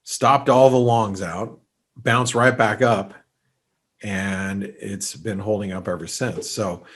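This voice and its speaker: A man's voice: on the low side, steady tone, slow, husky. A man hosting an unscripted market webinar, talking loosely with many fillers and restarts, somewhat congested from allergies. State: allergies, sneezy. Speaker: market analyst host.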